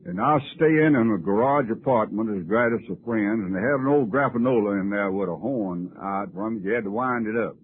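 A man's voice: on the low side, fairly quick, hardly any pauses. A man telling his personal story at a recovery meeting in a folksy, wry, self-mocking way. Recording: muffled lo-fi old tape, faint hiss.

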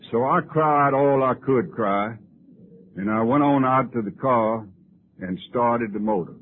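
A man telling his personal story at a recovery meeting in a folksy, wry, self-mocking way. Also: medium pitch. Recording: muffled lo-fi old tape, faint hiss.

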